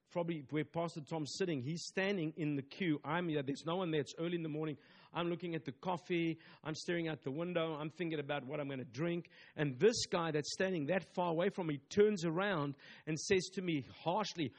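A man, a pastor preaching a sermon emphatically, with repetitive phrasing and call-and-response asides. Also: on the high side.

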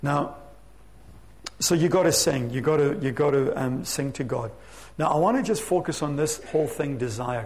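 A man preaching a sermon to his church, reading scripture aloud with slow, emphatic stress. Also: mid-range voice, creaky, a little mellow, a little hiss or hum. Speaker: pastor. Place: church sanctuary.

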